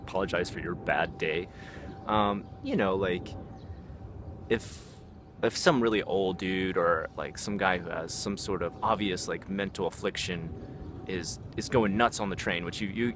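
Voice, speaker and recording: A man's voice: sits low, background noise. A man vlogging in a loose, slangy way, swearing often and filling his talk with "like" and "man" as he tells stories. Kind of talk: casual storytelling.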